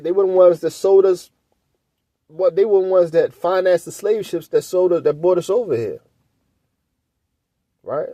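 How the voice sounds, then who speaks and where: A man with a somewhat high but warm, mellow voice leads an informal scripture study. He reads verses aloud, then slips into loose, blunt commentary, often checking in with a quick "right?". The sound is dry and close, with no room echo. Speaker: Bible teacher.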